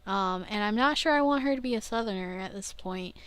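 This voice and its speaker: A woman's voice: mid-range voice, a little fast, a bit bright, clear, resonant tone, no echo. A young woman vlogging casually, rambling and interrupting herself, often laughing at her own slips. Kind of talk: casual rambling video diary.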